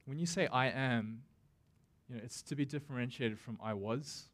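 Man, pastor, sermon, casual and conversational, middle pitch, dramatic slow emphasis on quotes. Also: fairly bright tone. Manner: casual and conversational, with self-deprecating asides.

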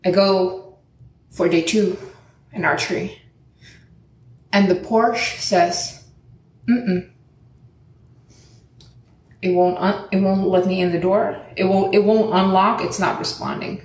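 Animated woman telling a story, echoey room. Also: a little slow. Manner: animated, acts out quoted lines in higher pitch, swears often. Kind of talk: casual storytelling.

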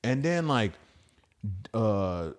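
A man's voice: fairly low pitch, very animated, extremely slow. Rambling, profane man telling comedy stories. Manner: rambling, profane, restarts and acted-out quotes. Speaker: podcast host and stand-up comic. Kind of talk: casual storytelling chat.

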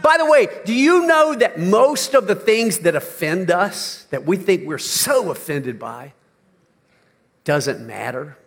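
Older man, pastor preaching, high-pitched, long hall echo, quiet then shouting. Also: sing-song, slow pace. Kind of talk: sermon.

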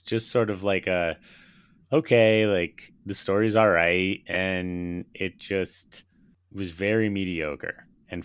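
A man's voice: low-pitched, smooth, no echo, studio quality. A man co-hosting a casual movie podcast, retelling film scenes with enthusiasm and the odd swear. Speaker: podcast co-host.

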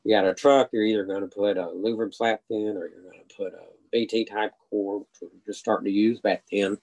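A man's voice: fairly low pitch, fairly even intonation, fairly quick, darkish tone, low-quality recording. An older retired salesman, a man, telling long rambling stories with restarts and quoted dialogue in a casual interview. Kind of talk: casual storytelling.

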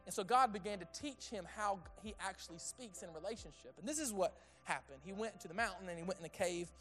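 A man preaching a sermon in a conversational way, asking the audience questions and dropping to a hushed tone on intimate points. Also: high-pitched, brisk, soft background music. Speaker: pastor.

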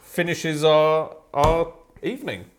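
A man co-hosting a podcast in casual chat, playful and laughing, with halting, restarting phrases. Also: fairly high pitch. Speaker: podcast co-host.

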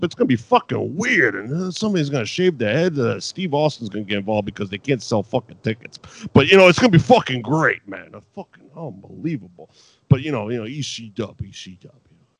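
A man putting on a gruff, foul-mouthed tough-guy wrestler who rambles and swears constantly. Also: on the high side, dry recording.

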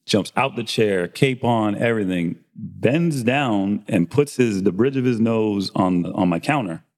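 A man's voice: lowish voice, expressive, unhurried, a little mellow. A man telling a barbershop story in casual chat, acting out the dialogue and swearing freely. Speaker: barber and podcast host.

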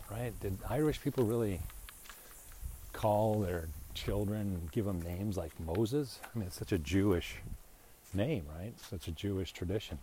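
A man hosting a casual podcast while walking his dog outdoors, talking in a chatty, meandering way full of restarts. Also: low voice. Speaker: podcast host. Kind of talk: casual rambling monologue. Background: pool pump noise.

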